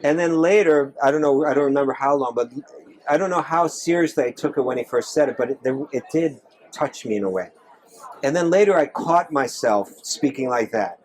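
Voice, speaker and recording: A man's voice: mid-range voice, fairly quick, darkish tone. A man, a monk, answering audience questions in a temple hall, earnest, with many restarts and repeated phrases. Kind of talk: live Q&A talk.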